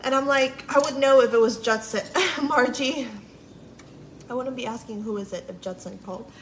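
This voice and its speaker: A woman's voice: a little high, normal speed. A woman casually telling a long story on a livestream, chatty and full of "like", quoting people and swearing freely. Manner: chatty, lots of "like", quotes people in her story. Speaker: livestream vlogger. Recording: echoey room, faint background noise.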